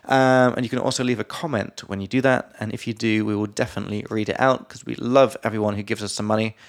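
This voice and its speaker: A man's voice: on the low side, steady tone, quick pace. A young English man with an English accent co-hosting a podcast, casually explaining vocabulary and joking between terms. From England. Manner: laughing, loose and playful, drops into silly voices. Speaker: podcast co-host, English teacher.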